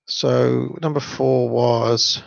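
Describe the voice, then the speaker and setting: A man's voice: medium pitch, fairly even intonation, extremely slow, gravelly, no room sound, highs cut off. A man hosting a livestream, reading children's stories aloud and commenting in a chatty, hesitant way with fillers and laughs. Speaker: channel host.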